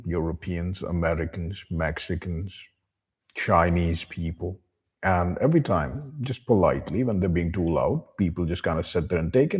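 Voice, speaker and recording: A deep, husky male voice carries a blunt, profane rant to camera. He keeps referring to himself in the third person with open contempt, and the recording sounds slightly muffled and lo-fi. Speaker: vlogger. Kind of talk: monologue to camera.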